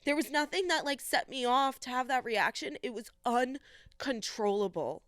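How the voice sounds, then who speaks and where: A woman's voice: high-pitched, normal speed, fairly bright tone, dry recording. Earnest young woman telling a personal story. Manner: earnest, emotional retelling, many "I was like" quotes. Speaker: podcast host.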